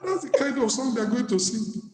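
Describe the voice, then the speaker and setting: A male pastor preaches in a high, mellow voice, slow and deliberate, mixing humor and wordplay with frequent laughter. The sound is echoey, with a long reverb from the church hall. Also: expressive. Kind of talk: sermon.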